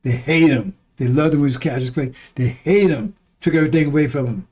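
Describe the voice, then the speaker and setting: Mellow-voiced man preaching bluntly. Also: fairly high pitch, fast talker, slightly rough. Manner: blunt and profane, repeats lines for emphasis; chuckles between remarks. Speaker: online commentator. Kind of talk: fiery preaching-style monologue.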